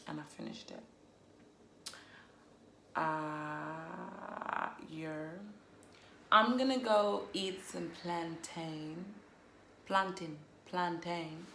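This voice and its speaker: A woman chats casually about a novel she loved, playful and amused at her own jokes. Her voice sits fairly low for a woman. The room adds a noticeable echo around her. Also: steady tone, extremely slow, gravelly, long pauses, pushed and bright, a little hiss or hum. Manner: chatty, playful, laughs at herself. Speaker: book vlogger. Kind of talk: casual book review. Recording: roomy echo.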